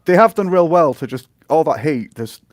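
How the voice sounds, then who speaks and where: A man's voice: fairly high pitch, lively intonation, moderate pace, a little hiss or hum. A man co-hosting a podcast in casual chat, dry and wry. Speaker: podcast co-host.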